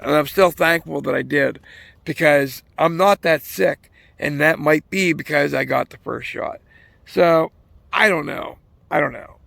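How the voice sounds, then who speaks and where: In an unhurried, gravelly voice that sits on the high side and sounds a bit bright, a man vlogs while fishing at a pond. His story rambles, is full of profanity, and gets self-corrected along the way; the recording is dry.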